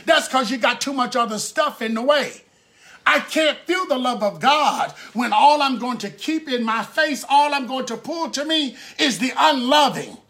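A man preaching a sermon, drawing out his phrases and breaking into shouted bursts of emphasis. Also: very high voice, moderate pace.

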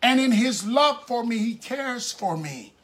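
A man preaching a sermon, drawing out his phrases and breaking into shouted bursts of emphasis. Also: very high voice, animated, a little slow.

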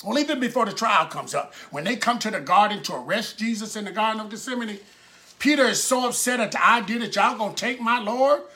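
A man delivers a sermon in a high voice, telling the story like a chat with the congregation. His tone is bright and forceful, and he slips into the voices of the people in his story. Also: animated, fairly quick. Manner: conversational storytelling preaching; acts out the people in his stories. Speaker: preacher.

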